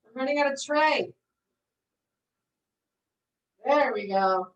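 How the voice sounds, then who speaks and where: Woman, cooking class instructor, bubbly, encouraging, laughs a lot, slightly high voice, mic at a distance. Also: moderate pace. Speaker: recreation therapy cooking instructor. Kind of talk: live online cooking class.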